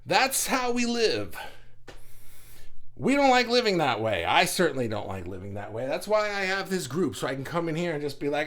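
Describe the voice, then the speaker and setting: A middle-aged man from New York chats on a livestream, talking fast and rambling as he reads comments. His voice sits a little high, and it leaps up and down in pitch. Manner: fast, animated and rambling, with big pitch jumps. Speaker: group host reading comments. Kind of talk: casual livestream chat.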